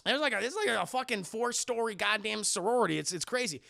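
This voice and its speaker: A man's voice: high voice, expressive, quick pace, vocal fry, bright, forceful tone. A man hosting a livestream, animatedly recapping a film to his chat with lots of profanity. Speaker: streamer host.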